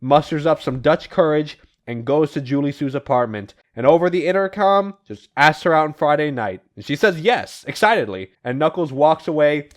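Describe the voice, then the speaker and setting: A man's voice: on the high side, expressive, normal speed, few pauses. A man hosting a casual podcast and recapping comic plots, swearing and laughing as he goes. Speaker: podcast host.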